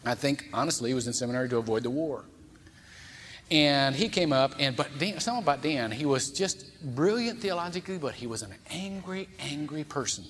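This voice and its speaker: A male pastor preaching a storytelling sermon in a conversational, folksy and animated manner. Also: a little high, brisk, a little hiss or hum. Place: church sanctuary. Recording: long church reverb.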